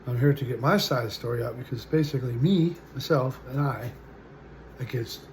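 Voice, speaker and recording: A man in his forties telling his own story as a vlogger, halting and full of fillers, his sentences often trailing off quietly. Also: medium pitch, a little hiss or hum. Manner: halting, full of "uh" and "you know", trailing off softly. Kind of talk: personal storytelling to camera.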